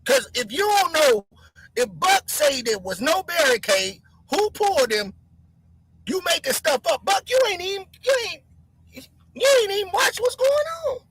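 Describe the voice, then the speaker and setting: Live stream host, heated rant at chat, wide swooping pitch, sharp bright tone. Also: normal speed, no echo, rough recording. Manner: shouting, animated, mocking chatters by name.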